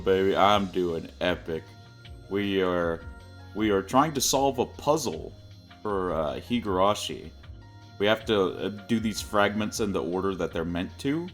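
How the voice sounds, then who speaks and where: A young man chatting casually while streaming a game, rambling and often breaking into high-pitched laughter. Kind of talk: casual livestream gaming chat.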